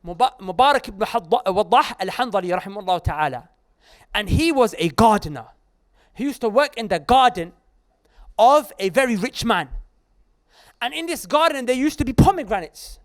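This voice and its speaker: Animated preacher with a lively voice. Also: male voice, high-pitched, moderate pace. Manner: animated, joking and addressing the crowd directly. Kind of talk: lively sermon to a live audience. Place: Islamic centre hall.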